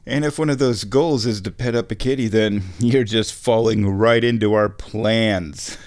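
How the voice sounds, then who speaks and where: A man chatting casually on his stream, meandering and correcting himself, and sometimes talking to his cat in a high baby voice. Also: steady tone, measured pace, a little mellow. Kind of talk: casual rambling chat.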